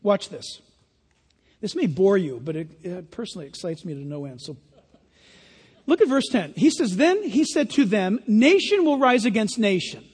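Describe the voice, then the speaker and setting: A man's voice: high-pitched, very animated, normal speed, a little mellow, breathy edge, long reverb tail. A man preaching a sermon as pastor, emphatic with sarcastic asides.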